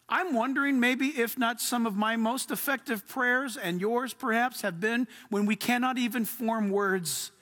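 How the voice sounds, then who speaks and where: A man preaching a sermon as a pastor, animated, swinging between loud outbursts and hushed quiet lines. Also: very high-pitched, moderate pace, in a large hall.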